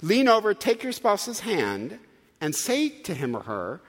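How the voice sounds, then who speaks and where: A man's voice: high-pitched, wildly swooping pitch, a little slow. A man preaching a sermon with humor and asides to the congregation. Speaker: pastor. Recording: long hall reverb.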